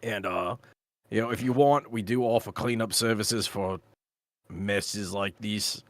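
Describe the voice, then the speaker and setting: A man playing a smooth-talking male con artist posing as an official, breezy and overly polite. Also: fairly low pitch, a little slow, no room sound, studio quality, close to an everyday voice. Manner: breezy and overly polite, keeps saying "mate".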